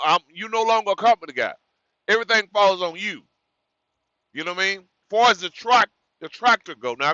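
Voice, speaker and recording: A man's voice: high voice, bright, forceful tone, no room sound, lo-fi sound. A man who drives trucks, giving new drivers frank, rambling advice in a casual vlog, correcting himself and repeating words as he goes.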